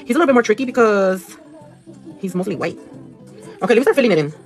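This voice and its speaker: A woman's voice: medium pitch, lively intonation, quick pace. A woman chatting casually on a livestream as she paints nails, swearing freely, slipping into Spanish and answering viewer comments, with music playing in the background. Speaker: nail artist livestreaming. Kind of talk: casual livestream chat while working.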